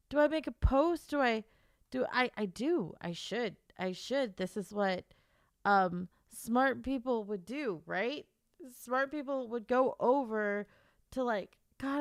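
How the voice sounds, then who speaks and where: A woman with a slightly high voice speaks slowly, recorded dry in a studio. An author and streamer, she chats on a livestream, emotional and close to tears, giddily rambling and stammering through restarts.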